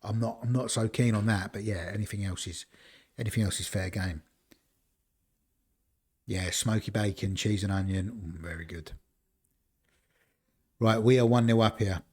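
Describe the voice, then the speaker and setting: A man's voice: lowish voice, moderate pace, long pauses, darkish tone. Chatty man streaming a football manager game. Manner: rambling, chatty, talks to chat between choices. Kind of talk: casual live-stream commentary.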